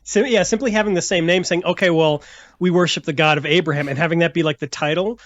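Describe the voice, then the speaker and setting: A man's voice: a little high, steady tone, fast, a bit bright, no echo, muffled recording. A man hosting a casual podcast chat, rambling with many restarts and fillers and laughing often. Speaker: podcast host.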